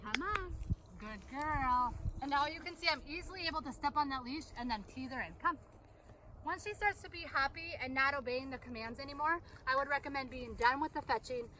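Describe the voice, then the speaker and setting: A woman's voice: sits high, fairly quick. A woman demonstrating dog training, coaxing commands to her dog between upbeat explanations. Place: outdoors with a dog. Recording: distant mic, loud outdoor noise.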